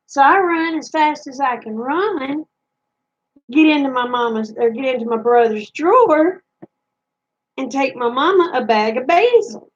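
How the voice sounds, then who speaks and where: A woman's voice: sits high, animated, a little slow, lo-fi sound. A woman vlogger telling funny stories from her childhood in a folksy, chatty way. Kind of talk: casual storytelling.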